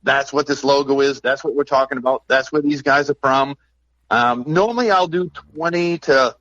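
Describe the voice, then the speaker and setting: A talkative man telling upbeat stories in a relaxed podcast chat about his handmade calls. His voice is mid-pitched and sounds a little dull and dry, as if it came through a plain, lo-fi mic with no room echo. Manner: chatty, storytelling, upbeat. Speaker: game call maker, podcast guest.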